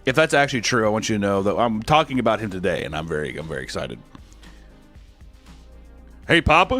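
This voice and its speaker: A man's voice: fairly low pitch, sing-song, brisk, pauses often, fairly bright tone, faint music behind. A young man streaming, reading out fan messages in a crude, joking, sarcastic casual chat.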